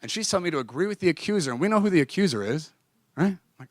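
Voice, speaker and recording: A young adult man tells a personal story from the pulpit, confessional and lively, jumping between voices. His voice sits slightly high. The sound is dry and close, with no room around it. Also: very fast, dry recording. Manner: animated, confessional, acts out dialogue. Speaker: preacher. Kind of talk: storytelling sermon.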